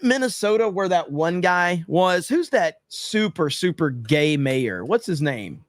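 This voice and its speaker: A man streaming live and reading out chat messages, talking in a blunt, profane and excitable way. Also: fairly high pitch, unhurried, few pauses, no room sound, clean studio sound. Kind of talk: casual livestream commentary.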